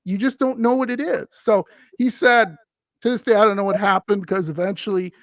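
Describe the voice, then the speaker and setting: On a podcast, a guest from Wisconsin spins a story in casual conversation, animatedly doing the voices of the people he quotes. His voice sits high and moves a little fast, recorded with no room sound.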